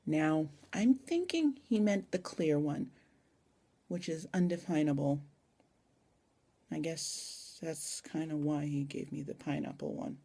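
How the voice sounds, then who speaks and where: A woman's voice: sits low, expressive, slow pace, warm tone, breathy edge. A young woman chatting casually in a vlog tag, rambling and adding little asides, recorded on a phone camera. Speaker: vlogger.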